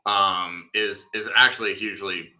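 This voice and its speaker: A man's voice: lowish voice, fairly even intonation, moderate pace, sharp tone, rough recording. A male podcast co-host in casual chat, rambling and thinking aloud with lots of fillers and restarts.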